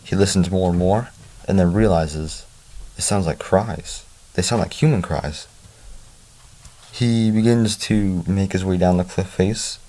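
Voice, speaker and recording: A man with a very deep, dark voice recaps a story in a loose, casual way. He chats with offhand asides, talking like he is telling a friend. His tone stays relaxed and conversational. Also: measured pace. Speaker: book reviewer.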